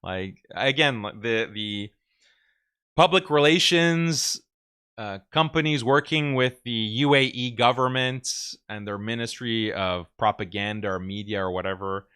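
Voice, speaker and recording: A male host delivers casual commentary in a sharp, bright voice. He mocks and scoffs as he talks, often chuckling at his own jabs. His pitch sits in the middle range for a man. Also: unhurried, clear, resonant tone. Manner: sarcastic and mocking, with frequent chuckles.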